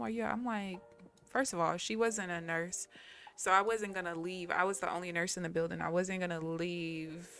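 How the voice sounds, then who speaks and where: Lady streamer just chatting, kinda low voice, laughs a lot, faint music behind. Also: fairly bright tone. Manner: chatty, candid, laughs often. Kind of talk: casual live-stream chat.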